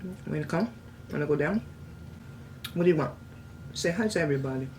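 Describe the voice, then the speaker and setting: A middle-aged woman hosting a casual home cooking vlog, chatting to viewers and cooing at her parrot in a high sweet voice. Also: expressive, brisk, background noise. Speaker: cooking channel host. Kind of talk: casual chat to camera.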